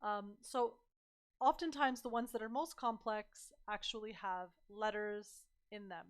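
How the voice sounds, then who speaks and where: A young woman tutoring math on a livestream, chatty and encouraging, her voice slightly hoarse. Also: medium pitch, steady tone, measured pace. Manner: chatty, encouraging, addresses viewers as "you guys".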